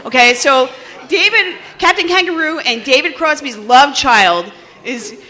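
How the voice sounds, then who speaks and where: Bright-voiced woman, animated storyteller, shares her recovery testimony and acts out the voices in it. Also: high voice, a little slow, some chatter behind. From New Jersey. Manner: animated storytelling, acts out dialogue, laughs often. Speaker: recovery meeting speaker. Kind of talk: personal testimony at a recovery meeting.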